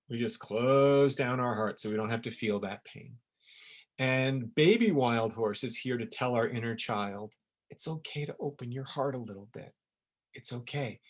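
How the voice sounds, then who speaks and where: A middle-aged man talks through an online webinar in an earnest, emphatic way. His voice sits at an ordinary middle pitch, and he leans on repeated words to drive his points home. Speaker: essence maker giving a webinar. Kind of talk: spoken webinar talk.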